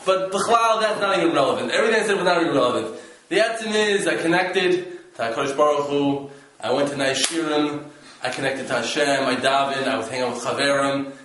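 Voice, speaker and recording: A man casually telling the story of his trip, animated and laughing, acting out his own exclamations. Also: on the high side, brisk, roomy sound, slight background noise, poor audio. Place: rented room.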